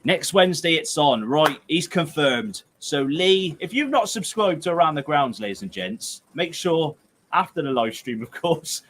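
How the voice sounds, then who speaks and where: A man's voice: fairly high pitch, animated, moderate pace, fairly bright tone, slight background noise. A young man with a Gloucestershire and Herefordshire accent hosts a football livestream. He chats casually and reads out viewer comments. He jokes, rambles, sounds tired and breaks into playful outbursts. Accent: Gloucestershire/Herefordshire English. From England.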